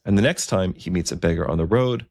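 A man with a very low, gravelly voice tells a story in a relaxed, conversational way. He adds asides and fillers as he goes. The sound is close and dry. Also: fast, no echo. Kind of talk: storytelling narration.

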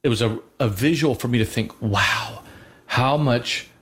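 A man's voice: mid-range voice, measured pace, a bit bright. A man in his thirties co-hosting a Christian talk show, teaching in an earnest, conversational way with many fillers and restarts.

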